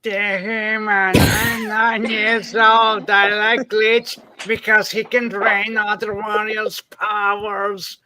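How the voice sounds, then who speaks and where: A man puts on a creaky old New Yorker, dragging every word out slowly and barking some of them loud. The accent is broad and the voice sits bright and high for an old-timer. It sounds like a grumpy grandpa reading a kid's letter. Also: flat delivery, heavily acted. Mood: mock-solemn. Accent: New York (put on). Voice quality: gravelly old-man drawl. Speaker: podcast co-host.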